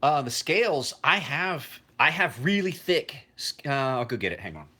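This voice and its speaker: A man in his forties talks casually on a livestream, rambling and cursing freely. His voice is bright and forward, with a lively pitch that jumps up and down. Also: normal speed, husky. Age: 40s. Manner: rambling and profane, with frequent restarts. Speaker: knife maker.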